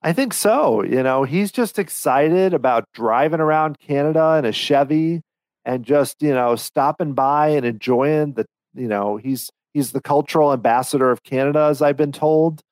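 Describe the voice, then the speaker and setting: A man co-hosting a podcast, chatting casually in an animated, rambling way with frequent restarts. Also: a little high, moderate pace, no room sound, low-quality recording. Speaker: podcast co-host. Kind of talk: casual chat.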